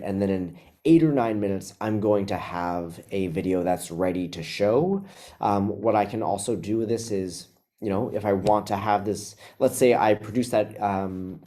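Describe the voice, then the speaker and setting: A man presenting a webinar, walking through a software demo in a relaxed, casual way with frequent ums and uhs. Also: fairly low pitch.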